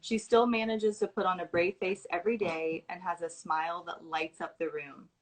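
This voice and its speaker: A woman's voice: fairly low pitch, steady tone, normal speed, low-quality recording. A woman hosting a livestream at home, reading out scholarship nominations in an informal way with asides, fillers and restarts. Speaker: host announcing scholarship recipients. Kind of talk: casual livestream talk.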